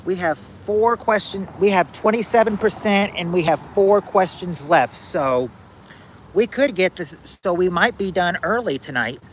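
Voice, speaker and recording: A man hosting a casual trivia game on a livestream, reading viewers' answers aloud in a halting, repetitive way, outdoors at night on a phone. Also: high-pitched, expressive, a little hiss or hum, low-quality recording. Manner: halting and repetitive, restarting phrases, drawling out answers.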